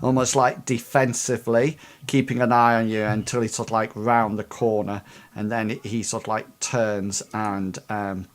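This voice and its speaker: A man's voice: lowish voice, little pitch movement, moderate pace. A man narrating as game master of a tabletop game, with a hesitant delivery full of restarts. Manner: hesitant, many fillers and restarts.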